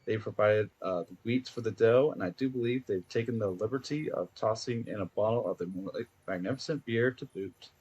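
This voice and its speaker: A man's voice: fairly low pitch, brisk, hardly any pauses, darkish tone, husky, lo-fi sound. A man reading out the letter of a pompous, flowery-spoken married man in a video game, in grand archaic phrasing with frequent stumbles.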